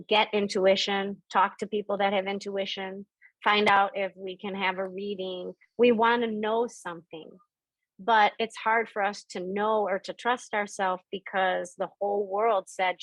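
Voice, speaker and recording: A woman's voice: steady tone, measured pace, fairly bright tone, no echo, rough recording. A middle-aged woman on a video call, telling personal stories as she teaches about spirit and intuition, and acting out the voices of the people in them. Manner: storytelling, acts out quoted voices with big pitch jumps.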